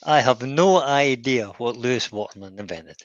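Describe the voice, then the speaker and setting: A man taking part in an online quiz, who chuckles and thinks his answers through out loud. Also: mid-range voice, normal speed, dry recording, highs cut off. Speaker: quiz contestant. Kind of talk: casual chat.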